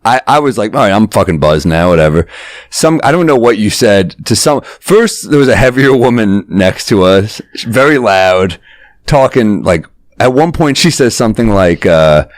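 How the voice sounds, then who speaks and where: A comedian hosting a casual chat, telling an animated, swear-filled story and acting out the quotes. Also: male voice, medium pitch, moderate pace, no room sound, studio quality. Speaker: comedian and host.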